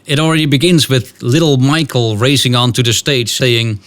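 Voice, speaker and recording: A man giving a podcast lesson on writing fiction, his voice at an ordinary middle pitch. He talks in an animated way and slips into acted-out scenes. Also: normal speed. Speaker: storytelling coach.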